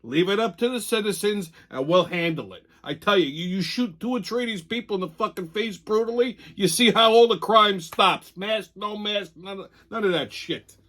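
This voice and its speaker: A man's voice: high-pitched, moderate pace, hardly any pauses, a bit bright. A man hosting a show, delivering an angry, profane ranting commentary. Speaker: show host.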